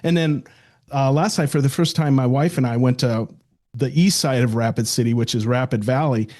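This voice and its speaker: An older man chatting as a podcast co-host. He rambles through stories in a relaxed, joking way, with a voice of middle pitch. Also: moderate pace. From South Dakota, United States. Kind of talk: casual chat.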